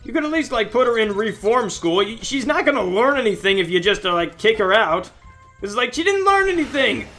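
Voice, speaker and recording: A man giving casual, rambling game commentary, ranting and scolding in an animated way. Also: high voice, fairly quick, hardly any pauses, faint music behind. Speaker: let's-play host.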